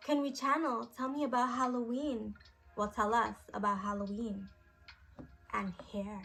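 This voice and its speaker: A woman's voice: on the high side, level tone, unhurried, vocal fry, fairly bright tone, faint music behind. A woman in character as a psychic priestess giving a magic class, rambling with many fillers in a mystical tone. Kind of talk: improvised role-play class.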